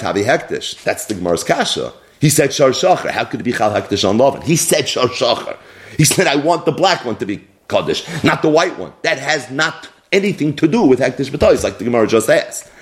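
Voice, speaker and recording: A man giving a Talmud lecture, posing questions and answering them himself in an animated way. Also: medium pitch, a little fast. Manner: animated, asks and answers his own questions. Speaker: Talmud teacher.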